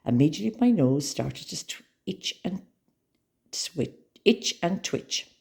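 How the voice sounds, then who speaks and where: A woman reading a children's story aloud with expressive, dramatic storytelling. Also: lowish voice, unhurried, creaky.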